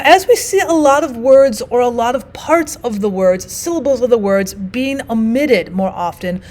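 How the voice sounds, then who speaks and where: A woman teacher narrating a recorded language arts lesson, explaining and reading quotes aloud with emphasis. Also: on the high side.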